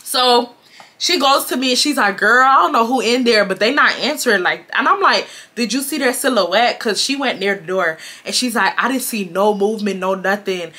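A woman in her twenties from Houston, telling a storytime to her viewers in a chatty, animated way and calling them y'all. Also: medium pitch, normal speed, husky. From Houston, Texas. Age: 20s. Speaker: storytime vlogger.

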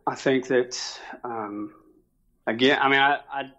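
A middle-aged man from Oklahoma speaks at an ordinary pitch, stumbling through restarts and fillers as he talks things over. His voice comes through a dull, muffled lo-fi line. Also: steady tone, fairly bright tone. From Oklahoma, USA. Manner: halting, many restarts and fillers. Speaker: Christian missionary. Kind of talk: casual conversation. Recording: dull lo-fi sound.

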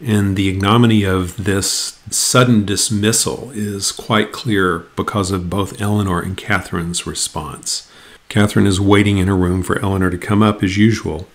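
A man giving a literature lecture, retelling the plot and reading passages aloud in a measured, explanatory way. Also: deep voice, fairly even intonation, a bit bright.

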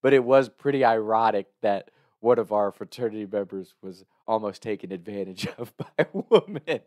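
A man's voice: on the low side, moderate pace, a little mellow, dry recording, studio quality. A man telling a casual personal anecdote in a loose, rambling way, often laughing mid-sentence. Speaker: storyteller.

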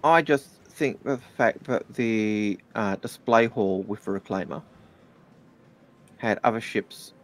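A man chatting about a video game in a measured, hesitant way. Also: fairly low pitch. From Australia. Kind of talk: casual gaming chat.

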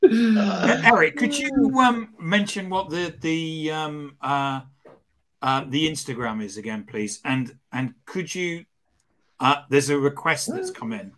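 A polite, hesitant man in casual online chat, passing viewer requests on to the panel. His voice sits a little high. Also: a little slow, fairly bright tone. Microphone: video call mic.

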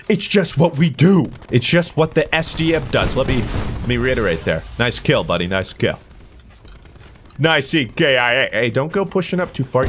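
A young man giving playful, jokey commentary over his own gameplay, trash-talking and yelling with sudden bursts of excitement. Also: medium pitch, noisy background. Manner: playful, jokey trash talk, animated outbursts. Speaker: gaming YouTuber. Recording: game audio with gunfire and music behind.

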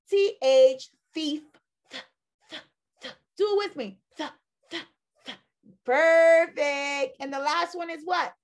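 Hoarse-ish teacher lady, high voice, slow sing-song phonics drills for little kids. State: losing her voice. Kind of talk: phonics lesson for young children. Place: classroom video lesson.

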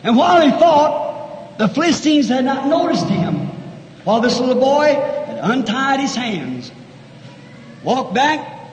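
High-voiced man preaching in an echoey hall. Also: big pitch swings, unhurried. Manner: fervent, swinging from shouts to hushed asides. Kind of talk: sermon. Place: large church hall. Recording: echoey 1960s church hall recording with faint noise.

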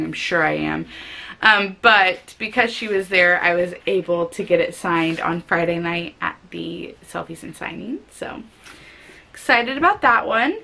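A woman chatting casually and excitably about books she picked up, with frequent fillers. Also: mid-range voice, gravelly. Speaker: book vlogger. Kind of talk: casual book haul chat.

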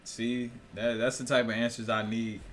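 Here the vlogger speaks at medium pitch with a flat delivery and a moderate pace, with slight background noise behind him. He rambles profanely to camera on his channel, laughing a lot and tossing questions to viewers.

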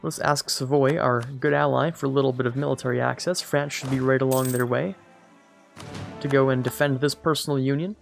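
A man's voice: mid-range voice, steady tone, fairly quick, vocal fry, soft background music. A man giving casual, rambling commentary on a strategy game as a let's play host, correcting himself and joking as he goes. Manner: rambling, self-correcting, jokey asides.

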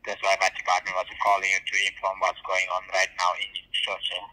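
A man's voice: deep voice, completely flat delivery, quick pace, pushed and bright. A man with a non-native English accent, posing as an officer on a phone call, speaking broken, formal and pushy English. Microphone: phone line.

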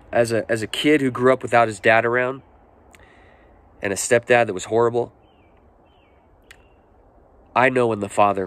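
A pastor in his forties preaching a sermon, earnest and personal, swinging between lifted, emphatic phrases and hushed, emotional ones. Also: medium pitch. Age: 40s.

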